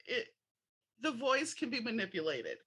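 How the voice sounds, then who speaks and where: Woman, podcast host, bright husky voice, lively pitch, frank and chatty, casual interview. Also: moderate pace. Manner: chatty, frank, draws on personal stories.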